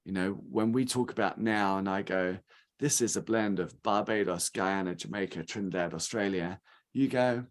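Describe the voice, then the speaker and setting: At a rum tasting, a rum company's guest speaker, an English man in his thirties, talks casually at a moderate pace in a fairly low voice. He's chatty and animated, acting out the reactions he quotes.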